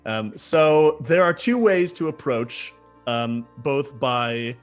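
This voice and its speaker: A man running a tabletop role-playing game, describing scenes in a relaxed, rambling way. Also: medium pitch, slow pace, soft background music. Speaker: game master.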